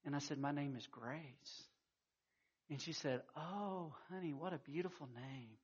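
A pastor preaching a sermon, telling stories in a folksy way with frequent stammered restarts. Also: male voice, a little high, unhurried, breathy edge. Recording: muffled lo-fi recording.

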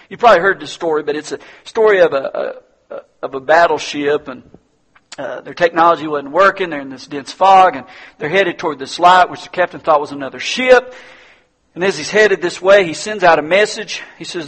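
A man's voice: on the high side, normal speed, fairly bright tone. A male pastor preaching a sermon, earnest and repeating words as he builds his points.

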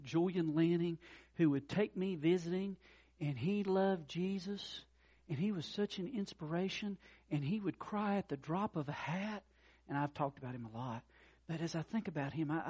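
A middle-aged pastor from North Carolina preaches earnestly, sinking to soft, low passages before climbing to loud, impassioned peaks. His voice is husky and he talks at normal speed.

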